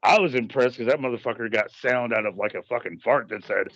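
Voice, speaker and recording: A man co-hosting a casual podcast chat, joking excitably and swearing. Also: mid-range voice, fast talker, hardly any pauses, no room sound. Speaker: podcast co-host. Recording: dull dry lo-fi sound.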